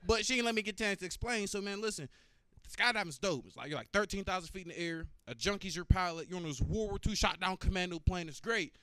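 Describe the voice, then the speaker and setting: A man doing a profane, loose stand-up comedy set and chatting with the crowd. His voice is fairly high and smooth. The sound is close and dry. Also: fast talker, a bit bright, no echo.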